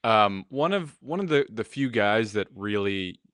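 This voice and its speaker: A man's voice: lowish voice, expressive, a little slow, a bit bright, dry recording. A man co-hosting a casual sports podcast, talking loosely with lots of fillers and restarts. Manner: loose, chatty, many fillers. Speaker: podcast co-host.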